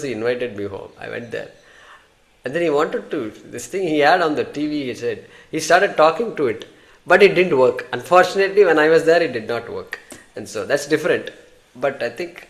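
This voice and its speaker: Indian guy teaching a scripture class, asks questions then answers them, mid pitch, slips into sanskrit recitation. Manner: recites Sanskrit terms and verses. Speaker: Vedanta teacher.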